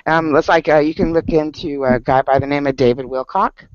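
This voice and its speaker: A man's voice: fairly high pitch, a little fast, clean tone, no echo. A man at a book club meeting, telling a story in casual group talk and laughing often. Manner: animated storyteller, laughs often, many fillers. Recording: dull lo-fi sound.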